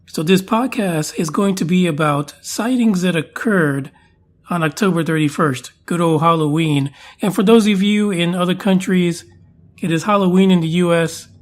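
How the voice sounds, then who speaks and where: A man's voice: high-pitched, normal speed. A man hosting a podcast in a casual, jokey, chatty way with playful asides. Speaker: podcast host.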